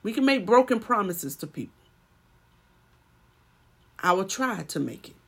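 A woman's voice: mid-range voice, very animated, a little slow, gravelly, slightly rough. A woman preaching a sermon and telling a personal story, building to emphatic swells.

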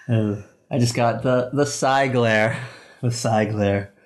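A man's voice: mid-range voice, steady tone, slow pace. A man co-hosting a podcast in loose, joking banter, swearing freely. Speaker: podcast co-host. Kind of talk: casual banter.

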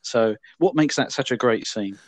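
A man's voice: medium pitch, moderate pace, a little mellow, dry recording. A man co-hosting a casual film chat, dry and teasing as he recaps scenes. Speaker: film podcast co-host.

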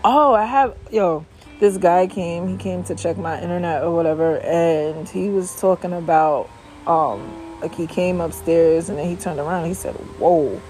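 A woman's voice: lowish voice, moderate pace, darkish tone, a little hiss or hum. A woman giving blunt, loosely rambling motivational talk outdoors on her porch, swearing freely as she chats. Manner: blunt, profane, loose and chatty. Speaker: vlogger. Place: outdoors on a home porch by water.

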